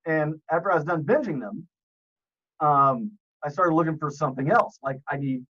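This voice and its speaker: A man guesting on a podcast, telling profane stories in a deep, announcer-style voice. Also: moderate pace, a bit bright, muffled recording. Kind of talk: casual podcast chat.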